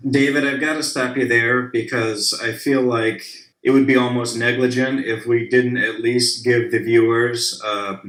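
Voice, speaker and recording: Mid-pitched man, relaxed and teasing, echoey room sound. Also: unhurried, few pauses. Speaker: author. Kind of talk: casual chat.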